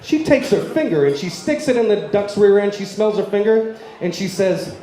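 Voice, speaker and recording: Male stand-up comic, high-pitched, rapid-fire joke teller, roomy club sound. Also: sing-song, mellow. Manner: rapid-fire punchline delivery, ribbing the audience. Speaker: stand-up comedian.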